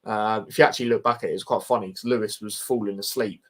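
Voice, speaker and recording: A man's voice: lowish voice, steady tone, quick pace. Laid-back young man streaming. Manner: laid-back, banter-heavy, frequent fillers like mate and bro. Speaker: football livestream host. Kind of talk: casual livestream chat reading viewer comments.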